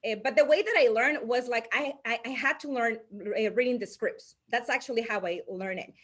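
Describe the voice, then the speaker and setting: A woman's voice: on the high side, normal speed. A woman with a Spanish accent, Spanish her first language, telling stories as a podcast guest with frequent laughter and restarts. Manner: animated storyteller, laughs often, restarts mid-sentence. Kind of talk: casual podcast storytelling.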